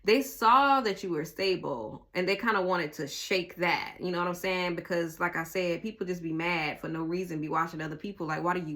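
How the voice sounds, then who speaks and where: Blunt, animated woman doing a tarot reading. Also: lowish voice, fairly quick, hardly any pauses. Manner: animated, blunt, swears freely, talks straight to the viewer. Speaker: tarot reader. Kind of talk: casual tarot reading to viewers.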